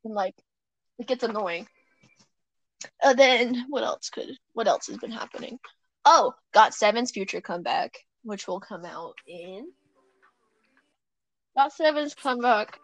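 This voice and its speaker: A woman's voice: on the high side, lively intonation, a little slow, pauses often, a bit bright, no room sound, poor audio. A young woman chatting casually at home as a podcast co-host, rambling, giggling and correcting herself as she goes. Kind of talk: casual chat. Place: at home on her bed.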